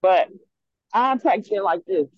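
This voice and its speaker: A caller joining a casual gossip chat, apologizing for cutting in and making a point quickly. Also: medium pitch, animated, dry recording, lo-fi sound.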